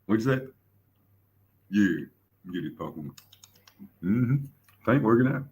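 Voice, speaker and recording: A man's voice: on the low side, animated, a little slow, darkish tone, poor audio. A man hosting a boxing commentary show, rambling and profane as he tells stories. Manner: profane, rambling, storytelling with repeated fillers. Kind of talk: casual commentary rant.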